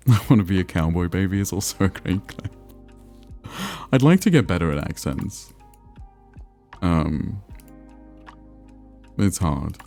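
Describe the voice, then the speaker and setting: Soft music plays under this low-voiced man, who speaks slowly with vocal fry, frequent pauses, and a mellow yet animated delivery. He's streaming a geography game live, chatting loosely, replying to chat, and putting himself down as he wanders from topic to topic.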